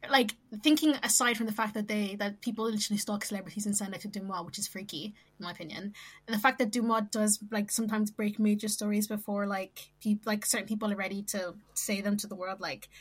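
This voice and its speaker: A woman co-hosting a podcast in casual chat, talking haltingly with many restarts and fillers. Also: mid-range voice, fairly even intonation, a bit bright. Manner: hesitant, full of "like" and trailing restarts. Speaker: podcast co-host.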